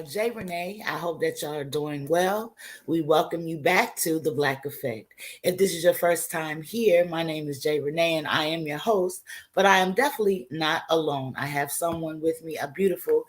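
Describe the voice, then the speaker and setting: Woman, low voice, casual chatty host introducing a guest. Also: normal speed. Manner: friendly, chatty asides.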